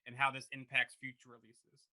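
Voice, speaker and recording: A man's voice: mid-range voice, monotone, a little fast, sharp tone. A man hosting a podcast, running through news in casual chat and steering the topics carefully. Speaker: podcast host.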